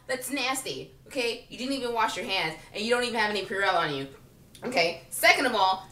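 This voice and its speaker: A woman's voice: on the high side, quick pace, roomy sound, distant mic. A woman telling a comic personal story in a casual, sassy way, laughing often and acting out what people said. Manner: animated, sassy, laughs often, acts out quotes. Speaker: vlogger.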